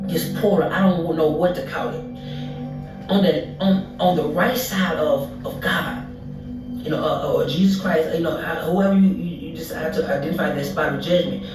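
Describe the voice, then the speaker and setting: Recounted dream, halting, fillers, distant, roomy echo, music playing. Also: mid-range voice. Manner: halting, many restarts and fillers. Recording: echoey, distant, with music behind.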